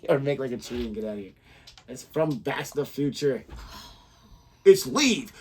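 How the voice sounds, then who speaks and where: A man's voice: mid-range voice, animated, moderate pace, pauses often, fairly bright tone, breathy edge. A man co-hosting a reaction video in casual chat, joking and rambling as he laughs often. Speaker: reaction channel co-host.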